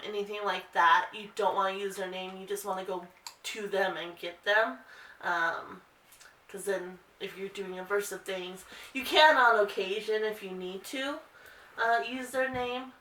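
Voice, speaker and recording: A woman dog trainer explaining training steps calmly in a casual instructional video. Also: recorded from a distance. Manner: calm explaining, breaks into high sing-song calls to the dog. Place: indoor room. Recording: roomy echo, voice a bit off-mic.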